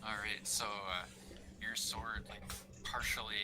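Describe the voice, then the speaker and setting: A man running a tabletop game as dungeon master, narrating in a halting way with many fillers. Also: on the low side, little pitch movement, noisy background.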